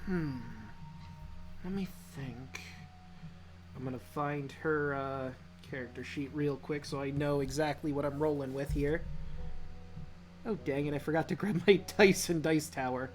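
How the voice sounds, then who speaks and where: An easygoing game master narrating a tabletop game in a loose, rambling way, thinking aloud between descriptions. The voice sits at an ordinary middle pitch. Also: fairly even intonation, normal speed, background noise.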